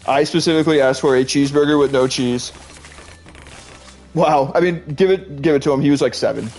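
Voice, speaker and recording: A man's voice: on the high side, fairly quick, darkish tone, faint music behind. Rambling, laughing male streamer. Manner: rambling and chatty, full of "like", often laughing. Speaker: Twitch streamer. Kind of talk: casual chat while gaming.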